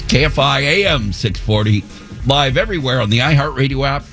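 A man's voice: mid-range voice, expressive, brisk, music in the background. A middle-aged man hosting a radio morning show, bantering casually with a rambling, playfully opinionated, joking manner in a studio.

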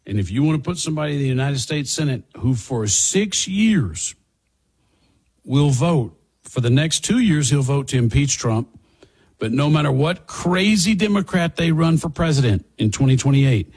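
Man, husky voice, talk radio host, sarcastic commentary. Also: on the high side, expressive, moderate pace, darkish tone. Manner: sarcastic, emphatic, plays clips. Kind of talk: political commentary monologue.

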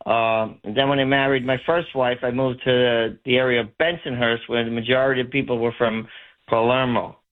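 A man's voice: medium pitch, flat delivery, a little fast. A man from Brooklyn with a New York accent, calling in to a radio show and rambling through stories in a chatty way. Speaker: caller. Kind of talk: casual call-in chat. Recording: tinny phone line.

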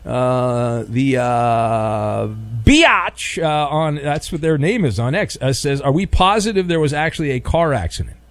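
A man's voice: medium pitch, a little slow, few pauses, dry recording. A man hosting a sports talk radio show, chatty and wry, reading listener messages and taking calls. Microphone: studio microphone.

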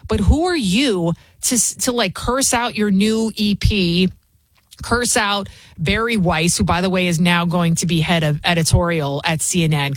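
A woman's voice: fairly low pitch, dry recording. A woman filling in as a talk radio host, ranting in a combative, mocking way with frequent restarts. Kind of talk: opinionated talk radio rant.

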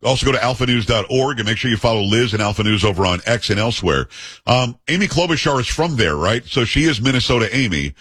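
A man hosts a political talk interview, firing off brash, incredulous questions. His voice is a little husky. The recording is dry and close. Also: mid-range voice, lively intonation, quick pace, fairly bright tone, no room sound. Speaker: show host.

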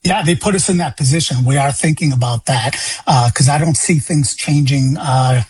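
A middle-aged man from Illinois, grieving and emotional, who speaks haltingly and stammers, with a hoarse, rough voice. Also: mid-range voice, darkish tone. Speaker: caller guest.

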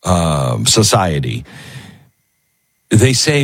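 A man's voice: medium pitch, big pitch swings, unhurried, slightly rough. A man hosting a talk show, speaking earnestly and emphatically and repeating phrases for stress. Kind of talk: radio talk monologue.

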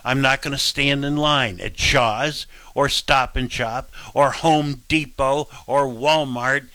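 A man's voice: medium pitch, fairly even intonation, takes it slowly, pushed and bright, no echo. A man hosting talk radio, giving blunt, rambling opinions. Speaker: radio talk show host.

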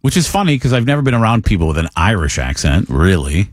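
A man's voice: low voice, big pitch swings, quick pace, no echo, clean studio sound. A man co-hosting a sports radio show, talking casually and animatedly, with many "like" fillers. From from an Italian family.

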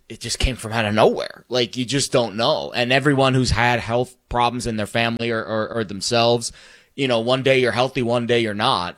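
A man co-hosting a sports talk show, speaking reflectively in a halting way, with many ums and restarts. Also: mid-range voice, fairly bright tone.

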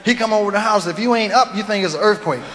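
A man tells a comic anecdote with animated, laughing energy and a high voice. His voice rings out in a reverberant hall, with faint noise underneath. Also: fast. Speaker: comedian telling a story. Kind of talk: storytelling stand-up.

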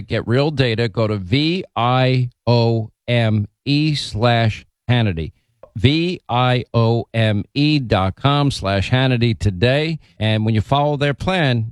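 A man's voice: medium pitch, measured pace, clear, resonant tone, no echo, clean studio sound. Man doing a persuasive radio ad read. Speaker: radio host reading an ad.

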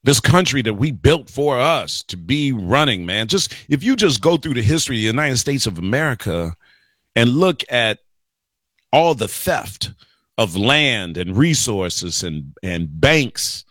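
A man hosting a talk radio show, rambling through an animated political monologue and calling listeners y'all and guys. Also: mid-range voice, a little slow, dry recording. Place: radio studio.

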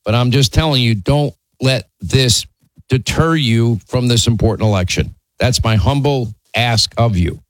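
A man's voice: mid-range voice, a little slow, no room sound, poor audio. A man hosting a call-in talk radio show, speaking in a firm, plainspoken way and often repeating himself to make a point.

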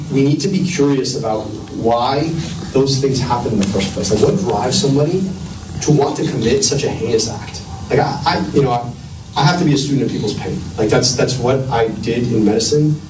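A man's voice: mid-range voice, normal speed. A man in politics who once worked in medicine, speaking earnestly and searching for words as he thinks. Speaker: politician, former doctor. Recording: distant, echoey, noisy room.

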